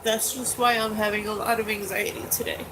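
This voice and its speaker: A woman's voice: mid-range voice, level tone, a little fast, noisy background. A middle-aged woman telling a personal story in a casual vlog, rambling and upset and holding back tears. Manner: rambling, upset, with many asides and fillers. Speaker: vlogger. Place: her bedroom at home.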